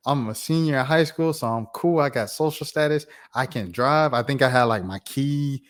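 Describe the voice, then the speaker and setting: A man of about thirty tells a story to his channel, loose and slangy, with an animated delivery. His voice sits at an ordinary middle pitch. He talks casually, like he is chatting with friends. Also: unhurried. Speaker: YouTuber.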